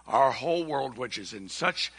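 Preaching in a church sanctuary, this older visiting preacher is folksy and earnest, building rising emphasis. His medium-pitched voice is expressive, a bit bright and breathy-edged at normal speed; the hall echoes with long reverb.

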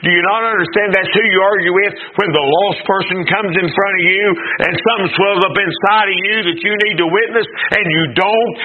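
An older man preaches with a high voice, checking his congregation with call-and-response questions. He swells into impassioned shouts. The sound is thin and phone-like. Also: a little hiss or hum. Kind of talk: sermon. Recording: tinny phone-like recording.

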